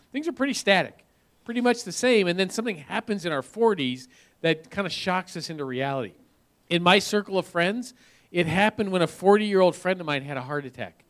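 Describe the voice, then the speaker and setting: Earnest man in his fifties, slightly high voice. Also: fairly bright tone. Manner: earnest, repeats words as he talks. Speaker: marriage speaker. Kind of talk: talk to an audience.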